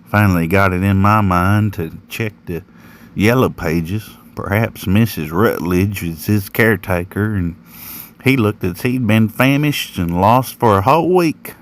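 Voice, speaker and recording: A man's voice: lowish voice, a little slow. A man telling a first-person horror story in a folksy, plain-spoken rural manner. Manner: folksy, rural drawl with slang.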